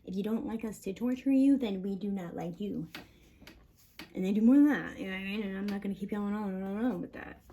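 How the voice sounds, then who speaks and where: Profane, rambling woman with a mellow voice. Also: medium pitch, fast, hardly any pauses. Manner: profane, agitated, rambling, laughs between lines. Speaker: mother venting on camera. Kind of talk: rambling monologue.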